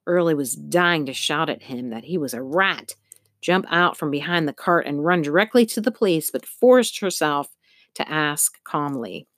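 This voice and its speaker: A woman reads a novel aloud in a steady, measured way, her voice sitting quite low. The recording is close and completely dry, with no room sound at all. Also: no room sound. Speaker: audiobook narrator. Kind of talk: scripted narration.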